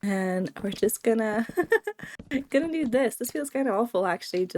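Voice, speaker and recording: A woman's voice: a little high, lively intonation, moderate pace, a little mellow, slight background noise. A young woman with a cold, chatting and giggling through casual let's-play commentary and talking to the game's creatures. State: voice affected by a cold. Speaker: gaming video creator.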